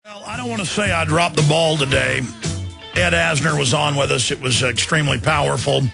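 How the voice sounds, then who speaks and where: A man's voice: on the high side, brisk, gravelly, music in the background. A man hosting a talk radio show, delivering an urgent, indignant monologue and pleading with his listeners.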